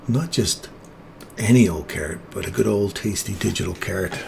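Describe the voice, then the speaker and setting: A man hosting a live trading stream, explaining chart entries in a relaxed, jokey way. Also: sits low, moderate pace, vocal fry, a little hiss or hum. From England.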